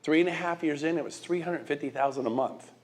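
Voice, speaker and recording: This middle-aged guest speaker talks fast in a fairly high voice. During his motivational speech he pounds the crowd with emphatic rhetorical questions, frequently repeating and restarting his words.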